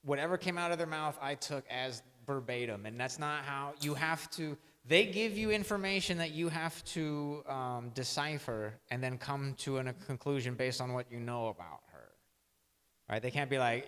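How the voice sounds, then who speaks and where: A man's voice: medium pitch, moderate pace, fairly bright tone, smooth, long reverb tail. A man co-hosting a podcast, talking in a reflective, wordy, self-mocking way. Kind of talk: casual podcast chat.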